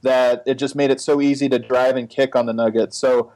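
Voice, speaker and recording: A man's voice: medium pitch, little pitch movement, brisk, darkish tone, dry recording, low-quality recording. Man breaking down basketball defense. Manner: analytical, thinks aloud with restarts. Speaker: basketball podcast co-host. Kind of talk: casual sports analysis chat.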